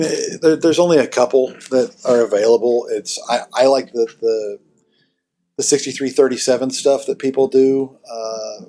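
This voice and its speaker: A man's voice: medium pitch, warm tone. A man talking casually about building and repairing guitar gear, with lots of "you know" fillers and restarts. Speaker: amp builder guest. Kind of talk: casual technical podcast chat.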